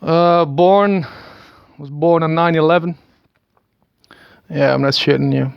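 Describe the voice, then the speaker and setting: A man's voice: a little high, steady tone, slow, creaky, smooth, dry recording, dull audio. A Dutch man in his thirties with a Dutch accent, talking in a hesitant, rambling monologue full of stammered restarts and small chuckles. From Netherlands. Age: 30s. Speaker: video maker. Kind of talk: rambling self-recorded monologue.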